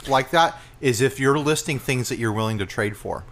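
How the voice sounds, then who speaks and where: A young man co-hosting a casual gear podcast, chatty and quick to laugh, reading out listings. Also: medium pitch, a bit bright. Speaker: podcast co-host. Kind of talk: casual chat.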